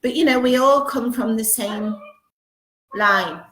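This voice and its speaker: A woman's voice: a little high, slow, fairly bright tone. A woman hosting a casual live-stream chat from home, greeting viewers one by one and reading out their comments. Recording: roomy echo.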